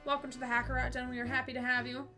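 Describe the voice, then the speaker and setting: A woman's voice: sits high, little pitch movement, music in the background. A woman streaming a game live, chatting casually with her viewers and often laughing. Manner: giggly, chatty, quick asides to chat. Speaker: Twitch streamer playing a game with a voice partner.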